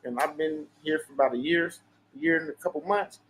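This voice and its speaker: High-voiced profane man ranting on a livestream. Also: brisk, a bit bright, a little hiss or hum. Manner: profane, preachy, boastful. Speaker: livestream host. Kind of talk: unscripted livestream monologue.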